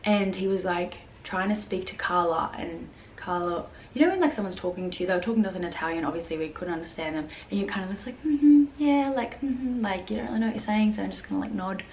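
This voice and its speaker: A young woman tells a story in a chatty vlog, peppering her talk with "like" and acting out what others said. Her voice sits a little low. The room is echoey, with a faint hum of noise behind her. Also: fast talker, few pauses. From Australia. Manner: chatty, lots of "like" fillers, acts out quotes. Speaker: vlogger.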